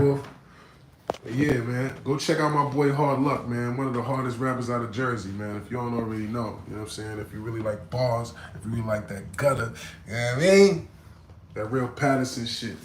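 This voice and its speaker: With a brisk pace, fairly even intonation and a little hiss or hum on the recording, a man relates a personal story in slangy, casual terms. He alternates quiet muttered asides with loud emphatic bursts, checking in with "right?" and "you know what I'm saying."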